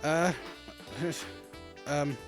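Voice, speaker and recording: A man's voice: on the high side, steady tone, drawn-out words, music in the background. A man streaming a game, chatting in a giggly, rambling, self-mocking way. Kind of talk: let's play commentary.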